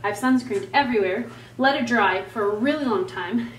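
A woman's voice: on the high side, normal speed. A woman vlogging casually about her vacation, chatty and playful, often laughing. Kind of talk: casual travel vlog. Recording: echoey room, faint noise.

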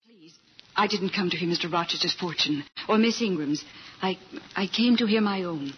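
An actress playing an earnest young governess in a 1950s radio drama, speaking insistently. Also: female voice, fairly low pitch, moderate pace, a little hiss or hum, lightly acted. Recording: dull old radio recording.

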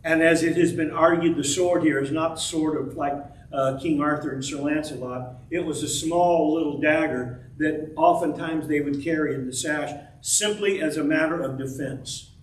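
A man's voice: a little high, fairly even intonation, moderate pace. Conversational man teaching a Bible class. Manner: conversational, acts out quoted speech in the story. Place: church classroom. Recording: roomy, distant mic, faint room noise.

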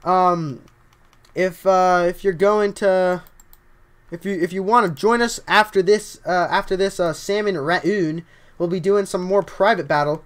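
A young man with a scratchy voice, livestreaming a game at home, chatting casually and excitedly while greeting his viewers. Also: sits high, a little slow, smooth. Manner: excitable, rambling, greets chat often. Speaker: livestreaming gamer.

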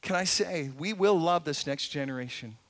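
A middle-aged man preaching as a pastor in a church, earnest and conversational, swinging between emphatic points and quiet asides. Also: fairly high pitch, normal speed. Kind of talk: sermon. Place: church sanctuary.

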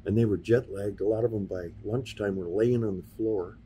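A man's voice: lowish voice, normal speed, warm tone, a little hiss or hum. A man, a sign painter telling stories in a casual studio interview and slipping into the voices of the people he quotes. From US Midwest. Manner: anecdotal, acts out quoted dialogue in passing. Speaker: sign painter and workshop teacher, podcast guest. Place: podcast studio.

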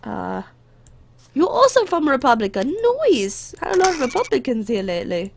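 A woman's voice: a little high, sing-song, a little fast, creaky, slight background noise. A woman casually commenting on her gameplay, talking to the characters and slipping into playful put-on accents. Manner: talks to game characters as a border guard. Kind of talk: casual let's play commentary.

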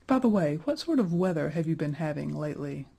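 Man voicing a sleepy old stone knight, mellow, husky, yawning, storybook. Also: on the high side, expressive, a little fast, exaggerated voice. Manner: drowsy, easygoing, yawning.

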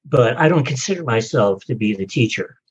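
Guest author, male, husky and easygoing, slightly muffled recording. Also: mid-range voice, brisk. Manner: relaxed storytelling, frequent uh fillers. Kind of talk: podcast interview.

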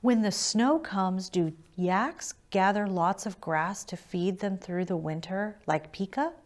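A woman's voice: mid-range voice, takes it slowly, close to an everyday voice. A woman voicing a small, curious young male yak calf in a read-aloud storybook, asking eager questions in a raised voice.

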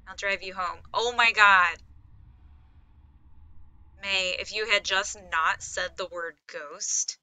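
A woman's voice: mid-range voice, fairly even intonation, unhurried, few pauses, sharp tone. A young woman streaming a game, giving casual commentary, jumpy and easily spooked, often laughing. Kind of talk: casual let's-play commentary.

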